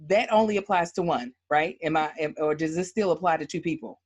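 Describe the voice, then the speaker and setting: A woman hosting a casual reunion chat, relaxed and laughing easily. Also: low voice, fairly quick. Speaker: host. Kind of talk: casual group video chat.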